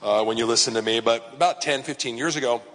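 A man's voice: mid-range voice, quick pace, a bit bright, in a large hall. A man, a pastor, preaching in a casual, conversational way with frequent fillers and asides. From Southern California. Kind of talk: sermon.

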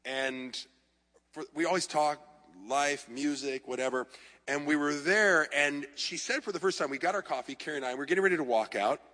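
A male pastor delivers a storytelling sermon, bright and forceful in tone. He shifts between lively anecdotes and gentle self-mockery. His voice carries a long reverb, as if heard in a large hall. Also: a little high, moderate pace.

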